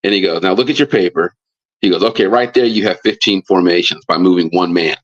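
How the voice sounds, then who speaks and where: A man's voice: low voice, fairly quick, lo-fi sound. A man, a football coach, telling a casual story on a podcast, full of fillers and restarts. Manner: rambling with many fillers and restarts. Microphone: live stream mic.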